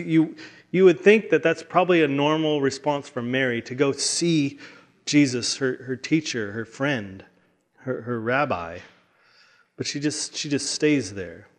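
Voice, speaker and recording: A man delivers a sermon in an earnest, heartfelt way. He often trips over his own words and repeats them as he pushes forward, speaking at an average pitch for a man. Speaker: pastor.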